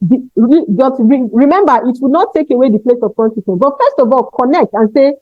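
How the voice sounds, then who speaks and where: A woman's voice: high-pitched, fairly quick, few pauses, no room sound. A woman giving a motivational talk to teachers, emphatic and often checking in with her listeners. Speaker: conference speaker for teachers. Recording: dull, dry, lo-fi sound.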